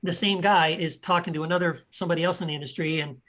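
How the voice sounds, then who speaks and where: A man co-hosting a podcast who tells stories in a lively, animated way and repeats himself as he restarts his sentences. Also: on the high side, quick pace. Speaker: podcast co-host. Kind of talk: casual conversation, telling anecdotes.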